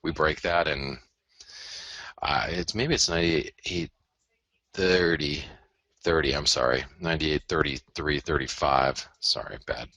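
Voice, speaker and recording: A man's voice: rumbling low, unhurried, bright, forceful tone, dry recording. A man hosting a live currency-market analysis broadcast, rambling, self-interrupting and joking as he goes through his charts. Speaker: host and currency trader.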